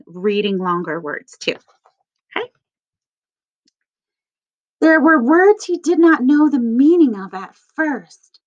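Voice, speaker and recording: A woman teacher reading a picture book aloud to children, stressing each word slowly in a sing-song way. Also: on the high side. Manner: slow, sing-song emphasis on words. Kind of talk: read-aloud lesson for children. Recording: dull lo-fi sound.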